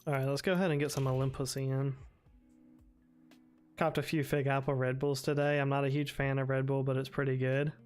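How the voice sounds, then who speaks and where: A man's voice: medium pitch, flat delivery, brisk, darkish tone, smooth, soft background music. A man streaming a game live, chatting loosely and rambling, swearing freely. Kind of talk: casual live-stream chat.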